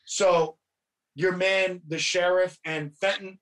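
A man's voice: high-pitched, normal speed, slight background noise, low-quality recording. A man on a podcast retelling a film plot in casual chat, swearing heavily and telling it with animation. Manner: heavy swearing, animated storytelling.

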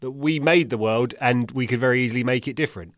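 A man co-hosting a podcast, speaking hesitantly with many fillers and trailing off quietly. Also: mid-range voice, quick pace, no echo, studio quality. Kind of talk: casual podcast conversation.

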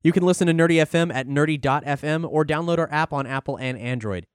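Male podcast host: chatty, relaxed, smooth and somewhat high voice, dry close sound. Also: fast, dry recording. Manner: chatty, relaxed, with filler words. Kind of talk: podcast outro with promos.

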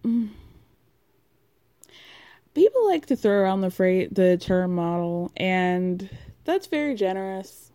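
Blunt, chatty woman with a mellow voice. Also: medium pitch, big pitch swings, slow, pauses often, smooth, dry recording. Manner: frank, swears freely, chatty with many fillers. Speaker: podcast host recapping a reality show. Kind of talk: casual recap monologue.

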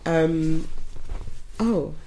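A young woman co-hosting a casual podcast, chatting with blunt, quick reactions. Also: low voice, warm tone. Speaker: podcast co-host. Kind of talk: casual chat.

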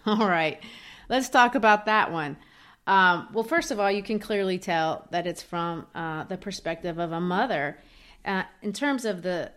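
A woman's voice: mid-range voice, a bit bright. Woman explaining a poem, thinking aloud. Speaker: teacher co-host. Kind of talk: educational discussion of literature.

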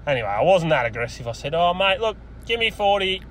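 A man's voice: high voice, big pitch swings, quick pace, a bit bright, slight background noise. An Australian man telling a crude, laughing yarn in a voice message, recorded outdoors on a phone. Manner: crude, laughing storyteller, puts on voices for others. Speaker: caller telling a story.

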